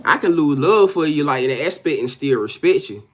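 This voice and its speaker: A man's voice: on the high side, lively intonation, brisk. Profane, emphatic man reading tarot. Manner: profane, emphatic, keeps addressing viewers directly; repeats phrases and restarts, laughs often. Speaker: tarot card reader. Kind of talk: casual live-stream tarot reading.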